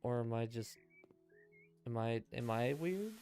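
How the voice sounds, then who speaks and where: Man, casual game streamer, rambling chatty talk, mid pitch, faint music behind. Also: animated, measured pace, a little mellow. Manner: chatty, rambling, answers chat. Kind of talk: casual gameplay commentary.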